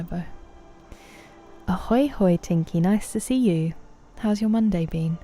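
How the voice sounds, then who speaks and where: A woman's voice: on the low side, measured pace, dark tone. Chatty woman streaming a game. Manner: chatty, greets chat viewers by name, playful. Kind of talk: casual live-stream chat while gaming. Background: faint game music.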